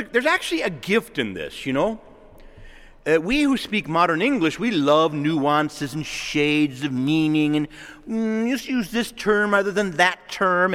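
A man preaching a sermon in a conversational, animated way, often acting out the voices of the people he quotes. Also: on the high side. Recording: long reverb of a large hall.

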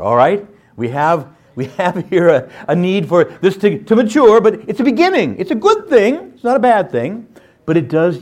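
A man teaching scripture in a lively sermon style, often checking in with "right?" and acting out playful voices. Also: fairly high pitch. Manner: animated, jumps into playful voices, asks "right?".

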